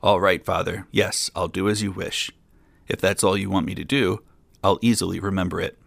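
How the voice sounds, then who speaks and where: Male reader as naive fearless farm boy, guileless and plain, gravelly, storybook. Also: deep voice, fairly even intonation, moderate pace, a bit bright, no echo, full character voice. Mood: earnest.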